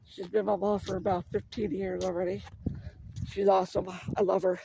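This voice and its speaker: A man walks down a neighborhood street outdoors, holding his phone camera and vlogging casually, rambling and chatting straight to his viewers. His voice sits high, gravelly and warm but flat in delivery and fairly quick, and the poor audio carries a little hiss or hum.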